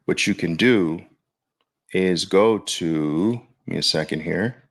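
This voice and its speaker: A podcast host with a deep, gravelly voice talks slowly in a casual livestream, chatting loosely and addressing his viewers directly.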